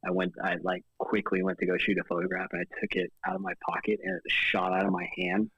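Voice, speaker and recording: A man with a low, gravelly, husky voice talks in a close, dry sound. His pitch swings widely, jumping up when he quotes himself. He speaks in a laid-back way with plenty of fillers. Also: sing-song, fast, a bit bright, no echo, low-quality recording. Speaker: guest photographer. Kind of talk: casual chat.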